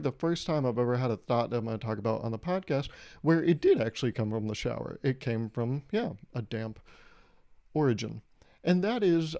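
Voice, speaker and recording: A man's voice: mid-range voice, gravelly, a little mellow. A man hosting his own comedy podcast alone, rambling through jokey asides in a self-deprecating way. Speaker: podcast host. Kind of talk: solo comedic podcast monologue.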